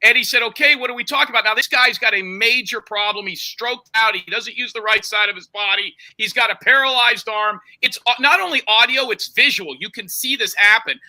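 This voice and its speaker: A man's voice: high-pitched, moderate pace, hardly any pauses, bright, forceful tone. A man hosting a podcast, pushing his side of a story during a heated argument and talking over the others. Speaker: podcast host.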